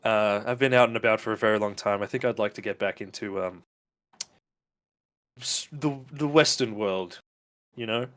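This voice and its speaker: A man's voice: on the low side, moderate pace, pauses often, a bit bright, lightly acted. Man as a polite doctor host, rambling, genial, tabletop game character. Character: genial male doctor hosting a dinner, fussy explorer.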